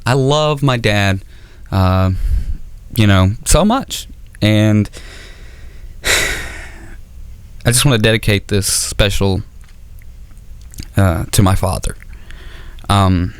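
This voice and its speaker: A man's voice: on the low side, very slow, long pauses, smooth, dry recording. A man doing a stand-up set on stage, rambling and self-mocking with stammering restarts. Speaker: stand-up comedian. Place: comedy auditorium stage.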